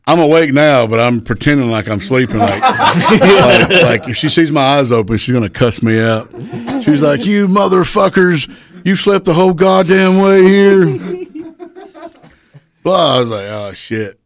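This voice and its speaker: A man, a wrestler telling profane road stories on a podcast and laughing as he goes. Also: medium pitch. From Chattanooga area, Tennessee. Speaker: professional wrestler guest. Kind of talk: casual podcast storytelling.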